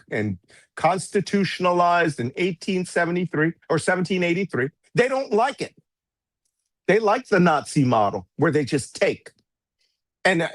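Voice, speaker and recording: A man's voice: a little high, dry recording. A man speaking as a political commentator guest in an interview, blunt and sarcastic, with mocking asides. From United States. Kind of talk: heated political interview talk.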